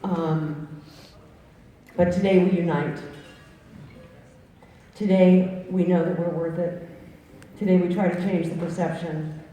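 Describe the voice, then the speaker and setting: A woman in her fifties telling a story to a crowd at a recovery rally, swinging from hushed asides to shouting. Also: on the low side, fairly even intonation, slow, long pauses, lo-fi sound. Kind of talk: public speech. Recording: echoey hall from far off with crowd.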